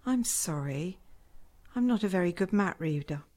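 A woman's voice: on the low side, lively intonation, moderate pace, dark tone, close to an everyday voice. A woman playing a stubborn middle-aged wife. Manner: defensive, determined.

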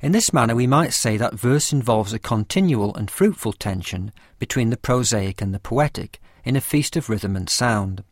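A man reading a scripted lesson with a measured, careful explanatory delivery. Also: fairly low pitch, no room sound, clean studio sound. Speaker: teacher of poetry. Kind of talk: scripted lecture narration.

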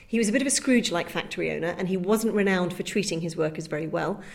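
A woman's voice: medium pitch, darkish tone. Woman telling a story from history, mid voice, easy going. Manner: engaged anecdotal telling. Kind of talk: interview storytelling.

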